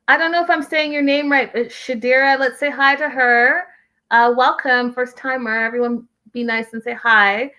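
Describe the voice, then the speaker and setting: A woman hosting a casual reality-show recap, chatty and animated, retelling scenes in slang for her live viewers. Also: mid-range voice.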